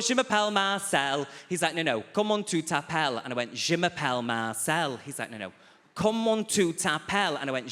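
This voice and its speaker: A man's voice: medium pitch, pushed and bright. A man performing a stand-up comedy set, chatty and confiding, teasing audience members by name. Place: large theatre stage. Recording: echoey theatre, faint audience noise.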